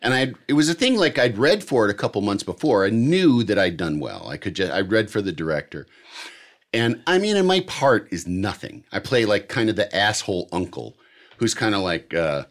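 Low, lively-voiced man telling stories. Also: moderate pace. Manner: animated storyteller, does playful voices. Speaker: actor guest in conversation. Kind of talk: casual chat.

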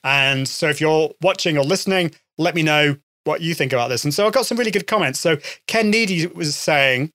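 A man's voice: on the high side, fairly quick, few pauses, pushed and bright, dry recording, studio quality. A man hosting his own podcast, chatting enthusiastically and often repeating himself as he talks to listeners. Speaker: podcast host. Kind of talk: solo podcast talk with sponsor read.

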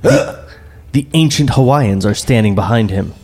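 A man's voice: medium pitch, lively intonation, normal speed, darkish tone, breathy edge, soft background music. A man co-hosting a podcast who reads out stage directions and chats in a joking, laughing way. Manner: chatty, joking, often laughing. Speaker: podcast co-host and script narrator. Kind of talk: reading stage directions and casual chat.

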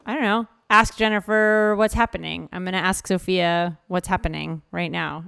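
A woman hosting a podcast, softly guiding listeners through a short mindfulness pause and talking casually with her guest. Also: lowish voice, steady tone, creaky, clear, resonant tone. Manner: soft, gently guiding. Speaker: podcast host. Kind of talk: casual conversation and guided meditation.

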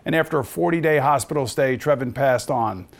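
Male podcast host, measured and earnest, interview delivery. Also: medium pitch, gravelly.

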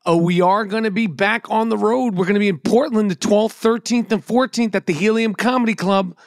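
A man's voice: sits high, fairly quick, dry recording, studio quality. A middle-aged man, hosting a podcast, telling stories in a brash, profane way. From New York. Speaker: podcast host and comedian. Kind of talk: casual podcast chat.

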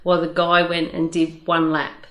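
An older woman with a slightly low voice hosts a casual chat. She talks frankly and chatty, with easy swearing. The recording has a roomy echo. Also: completely flat delivery, moderate pace.

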